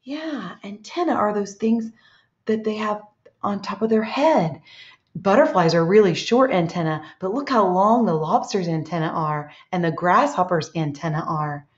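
A woman teacher talks young children through a read-aloud lesson, gentle and expressive, often stopping to ask them questions. Her voice sits at a middling pitch. The room is echoey and the sound is dull and lo-fi. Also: normal speed.

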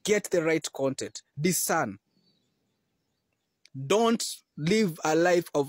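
A man's voice: on the high side, lively intonation, takes it slowly, no room sound, clean studio sound. A man preaching a sermon, exhorting listeners and rising to emphatic peaks. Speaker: Christian preacher.

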